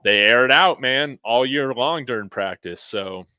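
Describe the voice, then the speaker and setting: A man's voice: mid-range voice, measured pace, bright, forceful tone, clean tone, no room sound. A man hosting a casual sports podcast. He is laid-back, chuckles often, and fills his talk with "man" and "you know". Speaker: podcast host.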